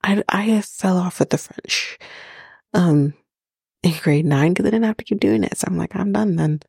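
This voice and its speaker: A woman's voice: on the low side, moderate pace, gravelly, a little mellow, slightly rough, no room sound, studio quality. A woman from Canada hosting a podcast, chatting casually through a TV episode recap with fillers, asides and swearing.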